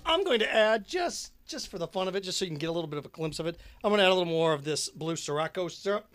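Chatty man with a high voice. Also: expressive, racing, a bit bright, slight background noise. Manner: jokey and rambling, hums and sings along. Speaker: podcast host. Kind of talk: casual chat while mixing a drink.

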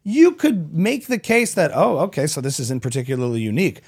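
A man, a comedian guest, talking in a casual podcast chat, animated and rambling with frequent restarts. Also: a little high, fairly quick, vocal fry, slightly rough.

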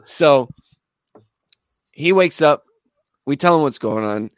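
A young adult man, a musician guest, telling a story in a lively, casual way and laughing as he goes. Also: on the high side, slow, clear, resonant tone, dry recording. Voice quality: animated, laughs while telling.

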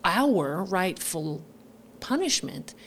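A woman from the United States with a fairly low voice shares her faith in an earnest, reflective way. She speaks in measured phrases with small hesitations. A faint hiss sits under the recording. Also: sing-song. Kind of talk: faith conversation.

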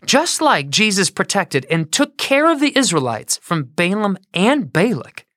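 Woman storyteller, children's Bible story, lively pitch, slow delivery, asks listeners questions. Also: dry recording, studio quality.

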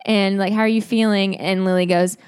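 A woman in casual chat, retelling scenes in quick run-on quotes. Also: medium pitch, fairly even intonation, darkish tone, smooth. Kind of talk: casual chat recapping a reality show.

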